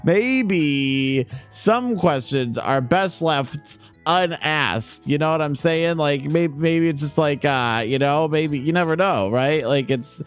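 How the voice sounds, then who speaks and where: A man's voice: fairly high pitch, slow, hardly any pauses, clean tone, faint music behind. A man chatting casually on a live stream, rambling, repeating words and trailing off as he reacts to his old clips.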